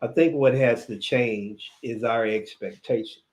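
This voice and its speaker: A man's voice: medium pitch, measured pace, darkish tone. A man co-hosting a casual DJ podcast. He speaks in a reflective, advice-giving way and falls easily into laughing banter with his co-host. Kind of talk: casual chat.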